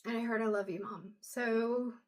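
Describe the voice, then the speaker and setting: A woman doing an intuitive reading, talking to camera in a soft, halting way with many pauses and low energy. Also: fairly even intonation. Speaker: intuitive reader. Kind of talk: casual talk to camera.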